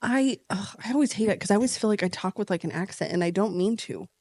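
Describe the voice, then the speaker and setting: A woman co-hosting a podcast in casual chat, rambling and quick to laugh. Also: mid-range voice, a little mellow, no room sound. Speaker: podcast co-host.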